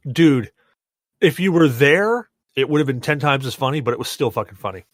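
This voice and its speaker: A young man hosts a casual podcast, a little tipsy from rum and telling a story with loose, animated energy. He swears freely and laughs at his own punchlines. His mid-range voice sounds dry and close, with no room around it. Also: mid-range voice, normal speed, dry recording. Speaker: podcast host.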